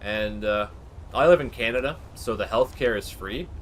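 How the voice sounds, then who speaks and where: A man's voice: on the low side, moderate pace, slight background noise. A man chatting casually while he streams a game. He rambles candidly, with lots of fillers and the odd swear word. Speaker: gaming livestreamer.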